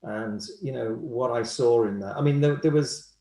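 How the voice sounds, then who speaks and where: A man's voice: mid-range voice, normal speed. Man telling stories, echoey room. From Liverpool, England. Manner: animated storyteller, acts out quoted voices. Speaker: guest, hypnotherapist. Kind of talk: anecdotal interview storytelling.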